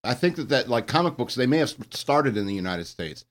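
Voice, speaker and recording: A man's voice: medium pitch, sing-song, a little fast. A man co-hosting a casual chat podcast, talking hesitantly with many fillers. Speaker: podcast co-host.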